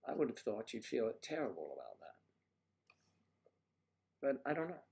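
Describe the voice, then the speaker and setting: A man's voice: mid-range voice, big pitch swings, normal speed, gravelly, darkish tone. A man hosting a casual livestream, rambling and joking as he answers viewers' comments. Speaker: livestream host.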